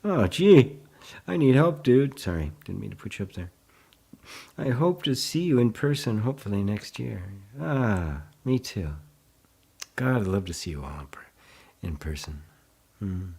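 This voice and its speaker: A man leading a live online satsang, speaking gently and unhurriedly, laughing often and answering viewer comments as he goes. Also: on the low side, lively intonation, normal speed, creaky, pauses often, breathy edge. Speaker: spiritual teacher.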